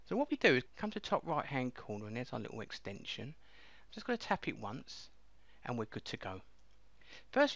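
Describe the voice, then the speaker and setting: Guy chatting thru a software demo, voice bounces around a lot, kinda muffled dry recording. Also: mid-range voice, no room sound. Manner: chatty, explaining step by step. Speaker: software reviewer. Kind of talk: casual screen-recording walkthrough. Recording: dull lo-fi dry mic.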